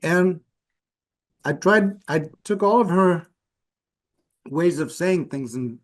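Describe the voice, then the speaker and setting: Guy previewing his club speech, wry and jokey, kinda high voice. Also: animated, takes it slowly. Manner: wry, joking. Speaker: club speaker.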